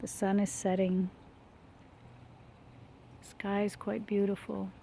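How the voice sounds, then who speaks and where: Soft-spoken reflective woman vlogging outdoors. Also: medium pitch, level tone, slow pace, gravelly, a little hiss or hum. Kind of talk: rambling outdoor vlog. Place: outdoors on a walk by a lake. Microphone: phone held while walking.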